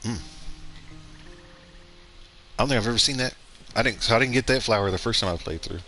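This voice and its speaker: A man's voice: medium pitch, fairly quick, sharp tone, faint music behind. A man giving casual gameplay commentary, thinking aloud and rambling with fillers and restarts as he plays. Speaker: gaming streamer.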